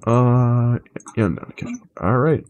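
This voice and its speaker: A man's voice: medium pitch, a little slow, highs cut off. Rambling, profane young male streamer. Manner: rambling and profane, shifting between flat and animated delivery. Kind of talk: casual live-stream chat.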